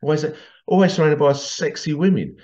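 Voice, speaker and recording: A man's voice: a little high, fairly quick, a little mellow. A middle-aged man telling rambling anecdotes in a casual monologue, chuckling often and repeating himself. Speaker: tradesman vlogger. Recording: slightly dull lo-fi recording.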